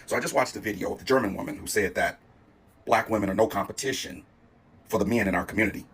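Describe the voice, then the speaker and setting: Man, husky, low, earnest and measured delivery. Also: fairly bright tone. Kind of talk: social media commentary.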